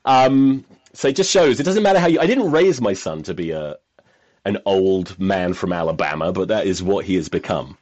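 A man's voice: sits low, lively intonation, normal speed, a little mellow. A man hosting a podcast, telling rambling, self-mocking stories in casual chat and swearing freely. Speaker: podcast host.

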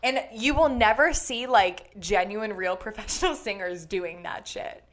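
A woman's voice: medium pitch, unhurried. A young woman co-hosting a casual podcast, ranting animatedly with lots of fillers and laughter. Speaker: podcast co-host.

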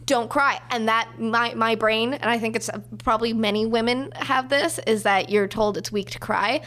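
A woman's voice: on the high side, normal speed. A woman in her twenties, an actor guest, chatting casually and animatedly on a podcast. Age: 20s. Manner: animated, acts out quoted voices.

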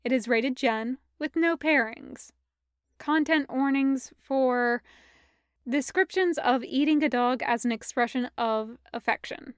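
Female story reader, smooth clear tone, even measured delivery, no room sound. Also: sits high, no room sound, studio quality. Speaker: fan fiction audiobook reader. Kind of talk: scripted story narration.

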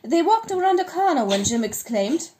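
A woman narrating a story she co-wrote in a brisk, steady reading manner. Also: high-pitched, slight background noise.

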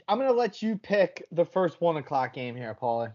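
A man's voice: a little high, sing-song, normal speed, a little mellow, dull audio. A man hosting a sports betting podcast in casual, brash chat, swearing freely as he talks picks.

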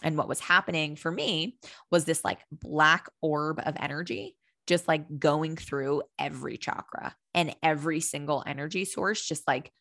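A woman's voice: sits low, steady tone, normal speed, a bit bright, no room sound, studio quality. A young woman talking candidly and with animation, swearing casually as she tells a personal story and acts out her own thoughts.

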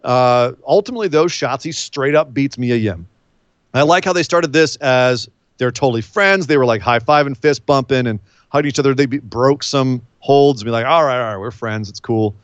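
A man's voice: mid-range voice, normal speed, no echo, lo-fi sound. A man co-hosting a casual wrestling podcast, joking and rambling as he recaps the week's shows. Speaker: podcast co-host.

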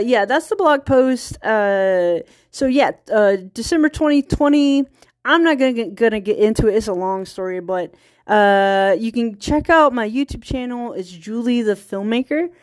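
A woman's voice: medium pitch, a little mellow, no echo. Southern virginia country-accent woman, rambly podcast talk, lots of restarts and little laughs, dry close sound. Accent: rural Virginia. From small-town Virginia. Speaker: podcast host. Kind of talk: casual solo podcast chat.

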